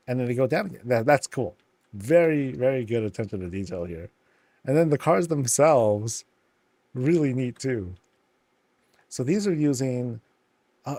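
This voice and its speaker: A man's voice: mid-range voice, darkish tone, no room sound. A man casually commenting on a game, telling stories animatedly with slangy asides. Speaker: game streamer.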